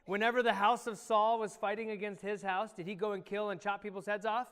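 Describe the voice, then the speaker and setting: A man, a pastor, telling a Bible story to children in an animated way and quizzing them by name. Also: high-pitched, a little fast, smooth. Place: church. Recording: echoey church hall.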